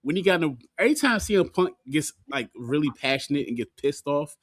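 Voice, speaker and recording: A man co-hosting a wrestling podcast in casual chat, lively, laughing often and swearing freely. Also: on the high side, a little fast, dry recording. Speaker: podcast co-host.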